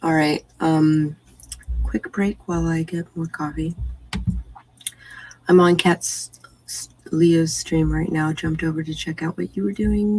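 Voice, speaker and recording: A woman's voice: fairly low pitch, flat delivery, slow pace, a little mellow, low-quality recording. A woman hosting a casual morning chat stream from home, chatting and answering viewers' messages. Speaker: livestream host.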